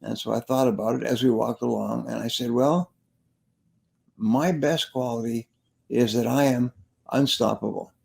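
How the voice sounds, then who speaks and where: A man's voice: medium pitch, fairly even intonation, moderate pace, gravelly, darkish tone. A man, a sales trainer and motivational speaker, telling stories in an interview and repeating his key phrases for emphasis. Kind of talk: interview storytelling.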